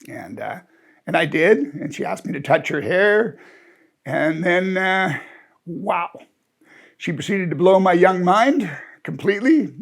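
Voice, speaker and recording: A man's voice: high-pitched, creaky. A man in his sixties telling an amused, rambling personal anecdote in a chatty way. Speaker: storyteller. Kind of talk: casual anecdote.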